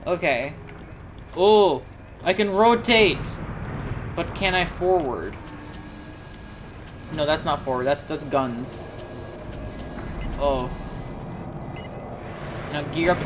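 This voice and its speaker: A woman's voice: lowish voice, animated, takes it slowly, long pauses, background noise. Flustered young woman streaming a game. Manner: flustered, joking, exclaiming. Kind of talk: live game commentary.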